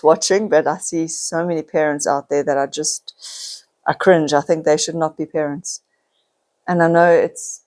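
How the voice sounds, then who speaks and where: A woman's voice: low-pitched, a little mellow. A middle-aged woman, talking to camera in a heartfelt, confiding personal vlog, near tears at times. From South Africa. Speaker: vlogger.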